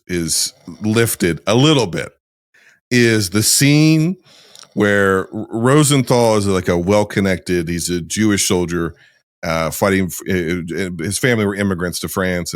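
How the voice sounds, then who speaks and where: A man with a fairly low voice talks through a film scene in a loose, rambling way, restarting his sentences and swearing now and then. He sounds like a podcast host chatting casually, and the recording is dry and close. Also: dry recording.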